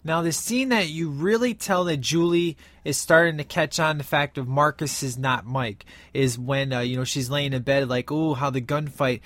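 A man's voice: fairly high pitch, moderate pace, few pauses, fairly bright tone, no room sound. Enthusiastic man recapping a film, dry sound. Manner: enthusiastic, rambling with many fillers. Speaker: film reviewer.

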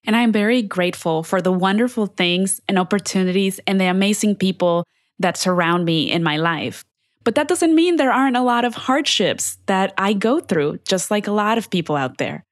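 Candid, low-voiced woman podcast host. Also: no room sound, clean studio sound. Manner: candid and heartfelt, addresses listeners directly; mild swearing, casual. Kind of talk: unscripted personal monologue.

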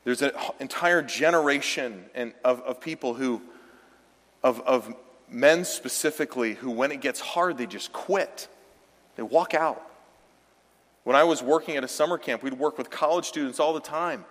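A man preaches with firm, direct exhortation at a middle pitch. His voice carries a long reverb from a large church hall. The delivery is plainly that of a pastor from the pulpit. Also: moderate pace, fairly bright tone. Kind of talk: sermon. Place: church sanctuary.

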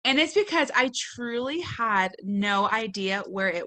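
Bright-voiced woman chatting casually. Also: medium pitch, a little slow. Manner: animated, swears freely, quotes lines in a dry deadpan. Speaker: podcast co-host reviewing a book. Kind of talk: casual book review chat.

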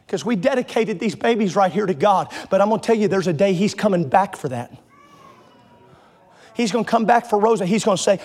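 Man, pastor, very high voice, fervent sermon, rises to shouting, drawn-out emphasis. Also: expressive. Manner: impassioned, builds to shouting, stretches key phrases. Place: church sanctuary before a congregation.

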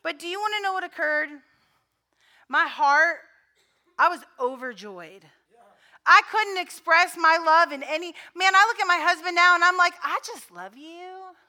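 A woman pastor preaching a sermon, moving between conversational storytelling and loud, fervent repetition. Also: extremely high pitch, normal speed.

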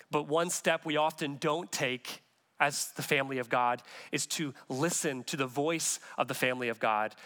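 A man's voice: a little high, bright, forceful tone. A man preaching as a pastor in an earnest, conversational sermon, acting out the voices he quotes.

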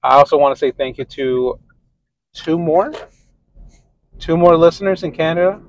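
A man's voice: fairly high pitch, moderate pace, no echo, dull audio. A man hosting a casual podcast monologue, telling a story in a rambling, profane way. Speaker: podcast host.

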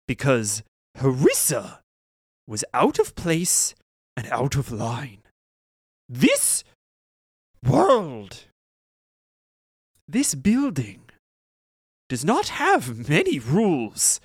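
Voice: mid-range voice, breathy edge, dry recording, studio quality, exaggerated voice. A game master voicing a stern male keeper of a magical building, who scolds in a formal, exasperated way.

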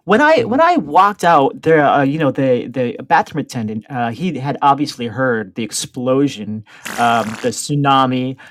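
A man's voice: mid-range voice, very animated, normal speed. A man co-hosting a casual podcast, retelling an embarrassing episode in a self-deprecating, comic way. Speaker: co-host.

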